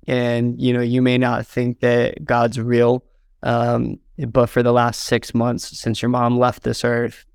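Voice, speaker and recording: In a podcast interview, a young videographer from southern Indiana, US, shares an earnest, heartfelt story, at times choking up and leaning on "like" and "um." He speaks slowly and in a monotone at medium pitch with slight fry, on a dry, close recording with no room sound.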